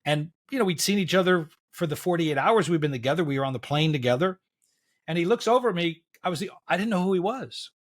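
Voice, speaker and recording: A middle-aged man, a podcast guest, telling a story in a casual, animated way and acting out what people said. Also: on the high side, quick pace. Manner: animated storyteller, acts out quotes, says "da, da, da".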